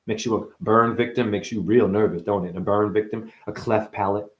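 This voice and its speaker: A man delivering a rambling spiritual monologue, full of swearing, wordplay and sudden swings from muttering to shouting. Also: fairly even intonation, brisk. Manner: profane, wordplay-driven, jumps between wild pitch swings and mutters. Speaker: spiritual speaker.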